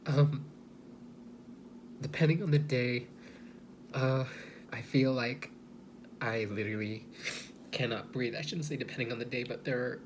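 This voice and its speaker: A man speaking slowly and hesitantly in a personal video monologue, softly and with many pauses and restarts. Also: medium pitch, background noise. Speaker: vlogger.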